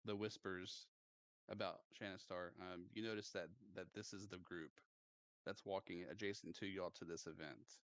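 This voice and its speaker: A man narrating as game master in casual, halting speech with lots of fillers. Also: deep voice, fairly even intonation, a bit bright, dry recording.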